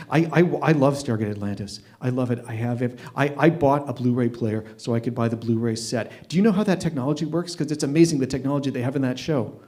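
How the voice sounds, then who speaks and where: A man in his fifties telling a story at an open mic, wry and deadpan, often restarting his sentences. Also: medium pitch, brisk. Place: stage at an open mic night.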